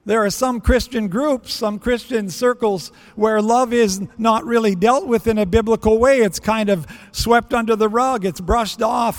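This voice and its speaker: A man's voice: high voice, steady tone, measured pace, hardly any pauses, big-room sound. A man preaching a sermon in earnest, acting out prayers and bits of dialogue as he goes. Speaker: pastor.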